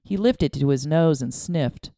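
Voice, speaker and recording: A woman narrating a novel as an audiobook, with an expressive, dramatic reading. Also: sits low, moderate pace, no echo, studio quality. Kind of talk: scripted narration.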